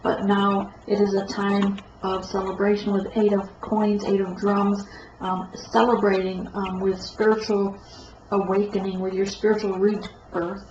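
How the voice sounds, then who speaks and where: A stuffed-up woman reads tarot cards in a flat, even voice, wandering and correcting herself as she goes. She sounds a little dull and lo-fi in an echoey room, with a faint hiss underneath. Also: medium pitch. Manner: meandering, halting, self-correcting. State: stuffed-up nose. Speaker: tarot reader. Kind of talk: tarot reading monologue.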